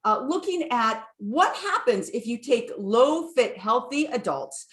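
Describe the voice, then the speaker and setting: A woman's voice: fairly high pitch, big pitch swings, a little slow. Woman scientist, online lecture, enthusiastic, frequent fillers, echoey room. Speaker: neuroscientist giving a talk.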